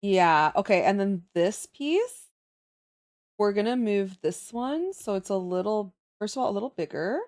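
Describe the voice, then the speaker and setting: A winded woman chats her way through a drawing livestream, thinking aloud as she works. Her pitch rises and falls a lot, which keeps her talk animated. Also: unhurried. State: out of breath. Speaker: streamer drawing emotes. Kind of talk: casual livestream chat.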